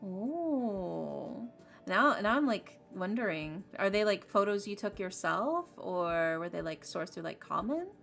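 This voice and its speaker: A woman's voice: mid-range voice, sing-song, unhurried, vocal fry, a bit bright, faint music behind. A woman streaming a game, chatting casually and rambling with lots of fillers. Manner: bubbly, rambling with many fillers. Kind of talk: casual livestream chat.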